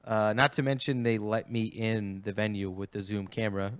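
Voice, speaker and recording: Smooth low-voiced man griping casually. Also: steady tone, moderate pace, no echo. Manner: complaining, heavy use of "like". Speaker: podcast co-host. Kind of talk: casual chat.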